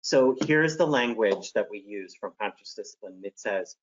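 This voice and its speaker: A man's voice: fairly low pitch, normal speed, dull audio. A man who is a teacher presents classroom strategies in a friendly, practical way and demonstrates examples by acting them out.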